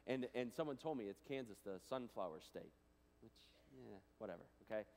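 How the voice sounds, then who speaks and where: A man giving a chapel talk to students, animated and casual, swinging between loud and hushed, with plenty of fillers. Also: medium pitch, fairly quick, slight background noise. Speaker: guest speaker. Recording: reverberant hall.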